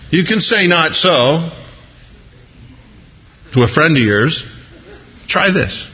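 A man's voice: a little high, animated, unhurried, pauses often, big-room sound. A man preaching a sermon in a folksy, humorous way, acting out scenes with little voices, heard on a muffled radio broadcast. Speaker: pastor.

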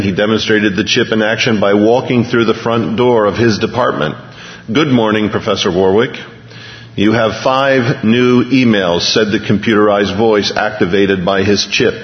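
A man preaching a conversational sermon, earnestly reading news items aloud to his congregation. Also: on the low side. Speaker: pastor. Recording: lo-fi recording with long hall reverb.

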